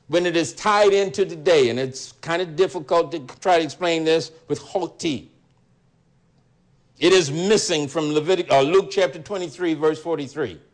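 A man teaching a Bible study sermon in a deliberate, emphatic way, repeating his key lines. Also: high voice.

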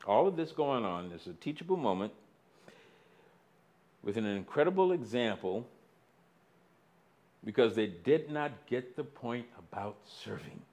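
A man preaching a sermon, slow and deliberate, with dramatic swings between loud emphasis and near-quiet. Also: medium pitch, expressive.

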